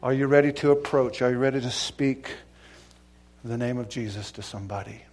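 At a brisk pace and medium pitch, the pastor preaches with earnest emphasis, alternating loud declarations with softly pleading questions.

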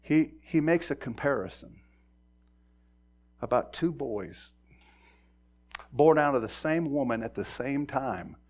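A middle-aged man preaching a sermon in a conversational way, acting out quoted voices and moving from quiet talk to loud emphasis. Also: mid-range voice, lively intonation, takes it slowly, pauses often. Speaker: pastor.

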